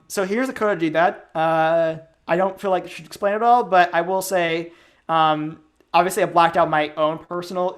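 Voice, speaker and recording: Give me a young man with a somewhat high voice rambling through a coding workshop. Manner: rambling, filler-heavy, chuckles often. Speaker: game developer giving a workshop. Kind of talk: casual technical talk.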